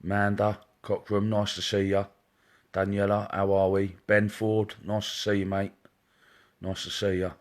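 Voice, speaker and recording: A man's voice: lowish voice, completely flat delivery, measured pace. A man hosting a live stream as a psychic medium, chatting casually and greeting viewers one by one by name in a chummy way. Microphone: wearing headphones.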